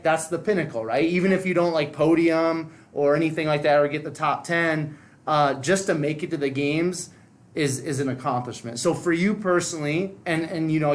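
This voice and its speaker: A man hosting a podcast interview, asking long, rambling questions full of fillers and often murmuring agreement. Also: a little high. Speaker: podcast host. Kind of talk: casual interview.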